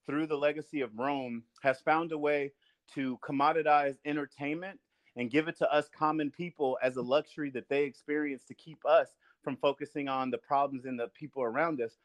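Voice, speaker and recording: A man's voice: a little high, steady tone, fairly quick, no room sound. A man hosting a podcast in casual discussion, earnest and building his points through repetition. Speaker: podcast host.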